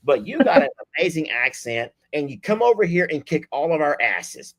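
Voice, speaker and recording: A man hosting a livestream, chatting warmly with callers in a folksy, effusive way. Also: on the high side, very animated, moderate pace, a little hiss or hum. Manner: folksy, effusive, lots of y'all and sweetie. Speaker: livestream host. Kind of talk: casual chat with callers.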